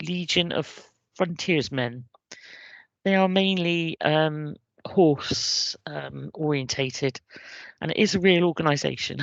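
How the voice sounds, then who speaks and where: A middle-aged woman with a West Country English accent gives an informal work presentation, pausing often with ums and restarting her sentences. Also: fairly low pitch, creaky, no room sound. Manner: hesitant, many ums and restarts. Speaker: civil contingencies officer presenting. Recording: dry, dull lo-fi recording.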